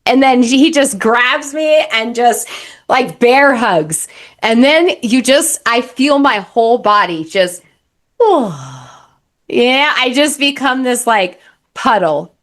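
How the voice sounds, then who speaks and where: A woman's voice: fairly high pitch, slow pace, a bit bright. A young adult woman, a relationship coach, talking bluntly and animatedly in a candid podcast conversation, slipping into acted-out voices.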